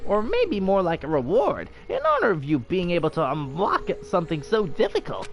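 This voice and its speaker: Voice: mid-range voice, wildly swooping pitch, normal speed, dull audio. A gleeful, cruel game bear, as a streamer puts him on, taunting in a sing-song voice that swings wildly up and down. Faint music plays underneath. It mocks and snickers between jabs. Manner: mocking, sing-song, laughs often. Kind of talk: let's play voice reading.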